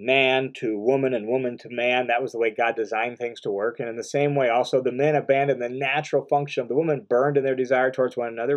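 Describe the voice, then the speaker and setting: A man teaching verse by verse through a Bible passage in an earnest, explanatory way, slowing down to stress key phrases. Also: medium pitch.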